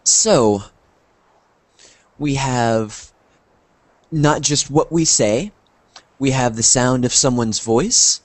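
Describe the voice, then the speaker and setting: A man's voice: mid-range voice, extremely slow, long pauses, no room sound. A man teaching an online English class over a video call, friendly, often asking "right?" to check in.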